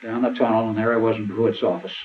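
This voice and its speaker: Older male seminar speaker, low-ish voice, anecdotal and rambling, tinny phone-like audio. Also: steady tone, quick pace. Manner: rambling anecdotal storytelling, acts out quotes. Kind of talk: storytelling talk at a seminar. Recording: tinny phone-like sound with faint hiss.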